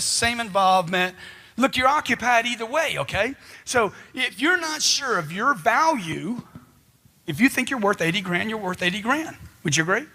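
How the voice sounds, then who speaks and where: High-pitched, shouting motivational speaker man. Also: big-room sound. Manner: loud, punchy, rapid-fire rhetorical questions. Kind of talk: live motivational speech. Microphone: handheld mic.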